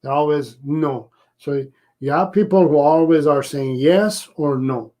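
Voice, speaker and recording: Slow-spoken man giving dog training advice. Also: on the high side, mellow, low-quality recording. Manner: slow, deliberate explaining with frequent restarts. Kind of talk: live-stream training advice and Q&A.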